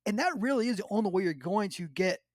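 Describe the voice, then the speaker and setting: A man with a high, light voice tells a story in casual podcast chat. He acts out what people said and often laughs as he goes. The sound is dry and close, with no room in it. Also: animated, fast talker, no echo. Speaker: podcast host.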